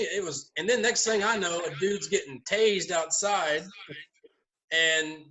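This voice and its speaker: A man chatting casually at a round table, telling lively stories and laughing often as he goes. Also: a little high, moderate pace, poor audio. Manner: animated storyteller, laughs often. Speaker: haunt owner, podcast regular. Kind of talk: casual storytelling chat.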